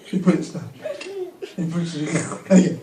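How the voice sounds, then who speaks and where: A man's voice: on the high side, rapid-fire. A man narrating a Bible story for children in a live skit, playful and full of joking asides. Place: church hall with children. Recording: echoey hall, far mic, loud crowd and noise.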